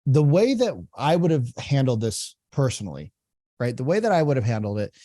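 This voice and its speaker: A man's voice: medium pitch, very animated, a little fast, warm tone, no room sound, clean studio sound. A man coaching real estate agents in a conversational way, repeating phrases and acting out sample calls. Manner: conversational, repeats phrases, acts out call examples. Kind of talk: reaction commentary and coaching.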